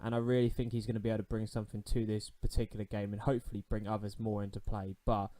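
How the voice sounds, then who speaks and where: A man commentating his own football management game for his channel, talking nervously and shouting out at big moments. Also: lowish voice, little pitch movement, very fast, hardly any pauses. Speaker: gaming YouTuber. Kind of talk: let's-play commentary.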